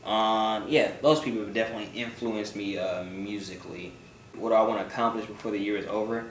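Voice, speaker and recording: A man's voice: lowish voice, fairly even intonation, brisk. A young man answering viewer questions in a loose, joking vlog chat, often swearing and trailing off into mumbles. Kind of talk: casual chat. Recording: roomy, from a distance, faint background noise.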